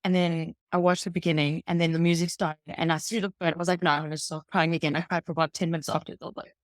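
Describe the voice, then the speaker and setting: A woman's voice: lowish voice, little pitch movement, racing, no room sound. A woman in her late twenties hosting a casual chat, telling stories animatedly and laughing often. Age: late 20s. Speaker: podcast host.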